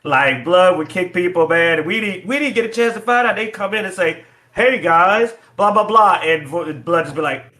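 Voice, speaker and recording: A man with a bright, forceful, slightly high voice co-hosts a casual livestream chat. He tells stories animatedly and laughs often. He is heard over an online voice call. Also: animated, brisk, few pauses. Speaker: co-host.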